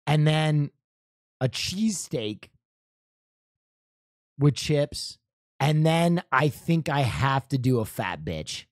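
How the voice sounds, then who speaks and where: A man's voice: on the high side, expressive, slow pace, long pauses, dry recording, studio quality. A young man from New Jersey reacting to a show in casual chat, loose and profane, laughing and rambling.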